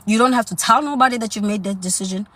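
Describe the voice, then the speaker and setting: A woman's voice: mid-range voice, fast, fairly bright tone. Sassy woman hosting a coaching livestream. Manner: sassy, chatty, answers live comments. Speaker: self-improvement livestream host.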